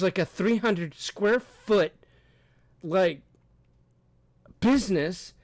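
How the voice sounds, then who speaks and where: Young guy streaming, kinda high voice, dry close sound, rambles n laughs a lot, swears. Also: animated, slow pace, pauses often, a little mellow, no echo. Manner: rambling, laughs often, profane, reacts to chat. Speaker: streamer host. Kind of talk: casual livestream chat.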